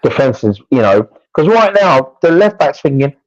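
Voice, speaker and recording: Male fan co-host, animated, stumbling chat; lo-fi, dead-dry sound. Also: mid-range voice, normal speed, no echo. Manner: animated, frequent restarts and stumbles. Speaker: football podcast co-host. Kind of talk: casual fan match preview chat.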